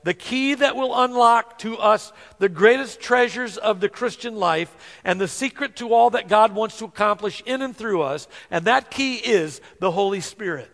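A man preaching a sermon, earnest, slowing down to stress scripture verses. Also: sits high, gravelly, a bit bright. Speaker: pastor. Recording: long hall reverb.

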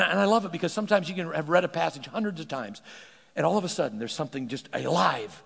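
Gravelly-voiced preaching pastor in a hall. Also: male voice, high voice. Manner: animated preaching, repeats words when starting sentences. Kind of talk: sermon. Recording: long hall reverb.

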